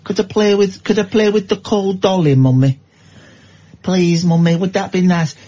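A man's voice: high voice, fairly even intonation, normal speed, warm tone, highs cut off. A man putting on the voice of a poor nine-year-old mill child, begging his mam over and over. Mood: whiny pleading. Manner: whiny, repetitive begging.

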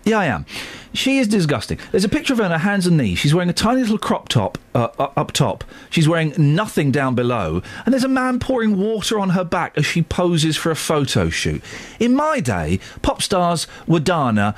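A man's voice: fairly high pitch, brisk. A middle-aged man hosting a radio show in casual, jokey chat. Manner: jokey, lively, mock-outraged. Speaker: radio host.

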